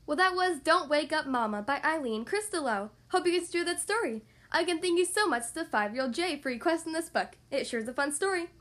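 A woman's voice: high voice, expressive, a little fast, hardly any pauses, fairly bright tone. A woman hosting a podcast where she reads storybooks aloud to young children, upbeat and friendly. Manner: upbeat, friendly, clearly paced for young kids. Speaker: podcast host reading to kids.

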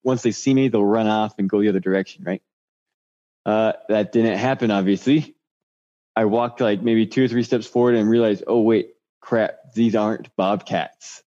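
A man's voice: on the low side, fairly even intonation, normal speed, warm tone. A man telling his story as a guest in a casual interview, laid-back and rambling. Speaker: guest recounting a cougar encounter. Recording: dull lo-fi sound.

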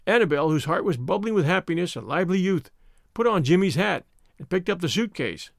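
Expressive male storyteller, dry sound. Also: high-pitched, fairly quick, creaky, dry recording. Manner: expressive, varied. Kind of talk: dramatic story reading.

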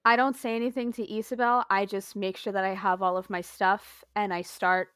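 A woman with a New Jersey accent playing a tabletop game, animated and easily exasperated. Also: medium pitch, normal speed, clean tone, no echo, studio quality. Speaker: player. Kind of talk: tabletop role-play chat.

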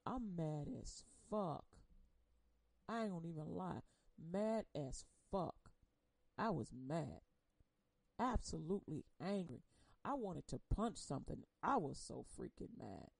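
A woman giving an impassioned personal testimony on air. She speaks emotionally and bluntly, swinging between loud outbursts and hushed confession. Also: fairly low pitch, gravelly, no echo, poor audio. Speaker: churchgoer sharing a personal testimony.

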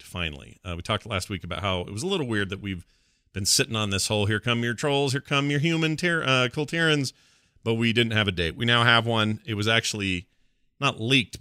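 A man's voice: on the low side, sharp tone, smooth, no room sound, studio quality. A middle-aged man hosting a podcast, chatting casually and ranting with playful exasperation. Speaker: podcast host. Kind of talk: casual chat.

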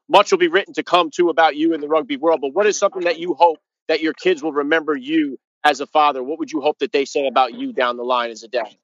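A man hosting a podcast, asking questions with quick, stammering restarts. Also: fairly high pitch, no room sound. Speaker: podcast host. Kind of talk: interview questions. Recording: dry, dull lo-fi audio.

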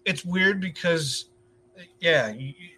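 A man from upstate New York with a light upstate New York accent, chatting as a podcast guest, quick to laugh and telling anecdotes. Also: a little high, lively intonation, pushed and bright, slight background noise. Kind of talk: casual chat.

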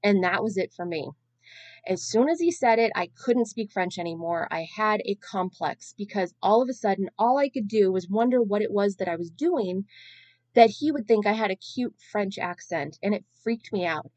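A woman's voice: mid-range voice, lively intonation, normal speed, darkish tone, no room sound. A woman in her thirties hosting a podcast alone, telling a long-winded, self-deprecating story in a casual, chatty way. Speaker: podcast host.

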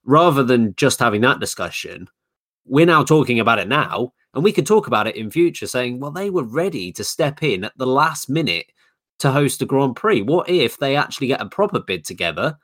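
A man's voice: medium pitch, fairly bright tone. A man co-hosting a podcast, thinking aloud in casual chat with frequent ums and restarts. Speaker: podcast co-host.

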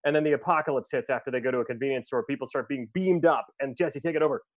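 A man co-hosting a casual podcast, recapping a film plot in an excited, rambling way with frequent laughs and restarts. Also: medium pitch, very fast, no echo, lo-fi sound. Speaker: podcast co-host.

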